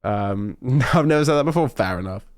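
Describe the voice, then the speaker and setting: A man's voice: medium pitch, lively intonation, a little fast, no room sound, clean studio sound. A young man with an English accent, chatting casually on a livestream and joking with his viewers. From United Kingdom. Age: young adult. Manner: laughing, joking banter with chat. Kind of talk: casual live-stream chat.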